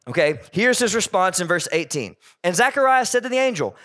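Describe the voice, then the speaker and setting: Animated male pastor with a high voice. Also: a little fast. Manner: animated, jokey, voices characters in quotes. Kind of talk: sermon.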